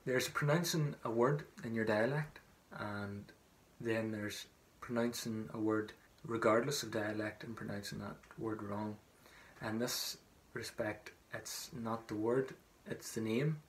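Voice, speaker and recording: A man teaching traditional songs, singing slow drawn-out phrases and then explaining them in quick, softer speech. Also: fairly low pitch, steady tone, slight background noise. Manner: soft, murmured asides. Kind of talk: singing lesson, call-and-response.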